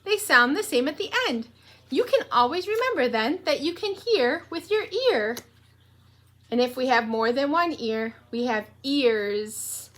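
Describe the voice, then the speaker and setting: A woman teacher leading a morning meeting for young children, in a slow, animated, sing-song voice with many questions for the kids. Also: sits high. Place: home room.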